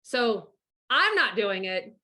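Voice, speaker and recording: With a medium-pitched, sing-song voice that is bright and forceful, a middle-aged divorce coach talks slowly to camera. Her casual monologue is packed with swearing, blunt and emphatic, and she bossily issues direct orders.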